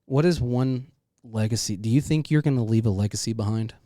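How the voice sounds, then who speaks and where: A man's voice: medium pitch, a little fast, mellow, no room sound, studio quality. A man hosting a casual podcast interview, talking in a loose, effusive way, swearing freely and saying "dude" again and again. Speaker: podcast host.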